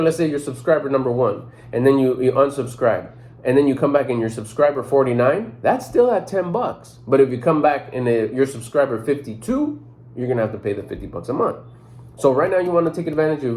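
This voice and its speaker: A man at an ordinary middle pitch makes a casual sales pitch straight to camera for his personal development channel. He speaks loosely in everyday slang, often restarting and repeating words as he goes. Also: darkish tone.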